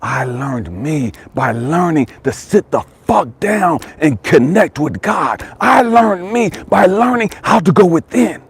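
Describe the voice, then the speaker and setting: A man giving an impassioned motivational monologue as a life coach, profane and emphatic, repeating his phrases and dropping from loud to hushed. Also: a little high, animated, unhurried, few pauses, breathy edge.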